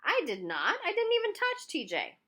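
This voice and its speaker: A woman voicing a wisecracking schoolboy ballplayer who talks loud, cheeky and excited. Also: very high-pitched, normal speed, pitched above the performer's own voice, heavily acted. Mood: indignant.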